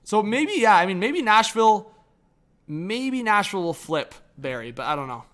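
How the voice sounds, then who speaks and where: A man live-streaming reaction commentary who chats to viewers and his dog, and swings between mumbling and shouting. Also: high-pitched, very animated, moderate pace.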